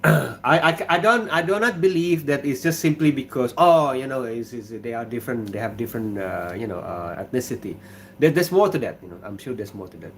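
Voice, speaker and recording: Relaxed Indonesian man chatting on a livestream. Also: medium pitch. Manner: relaxed, halting, reads viewer comments aloud. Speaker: livestream host. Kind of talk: casual livestream chat. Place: kitchen.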